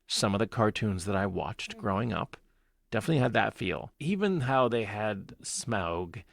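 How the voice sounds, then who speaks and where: A man co-hosting a casual movie podcast, talking in animated bursts and laughing often. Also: on the low side, moderate pace, gravelly. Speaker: podcast co-host.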